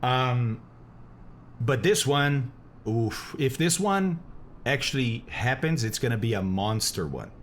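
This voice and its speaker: A male flight-sim streamer talks casually to his viewers, thanking them and reading chat aloud. His pitch moves around animatedly and he laughs easily. A faint hum of noise sits under the home recording. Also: very animated, takes it slowly. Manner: chatty, reads chat aloud, laughs often.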